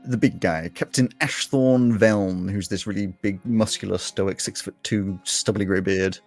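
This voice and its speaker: A man's voice: lowish voice, a little slow. A man running a tabletop game as game master, narrating scenes vividly and laughing with the players. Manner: lively descriptive narration with laughter. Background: soft fantasy music.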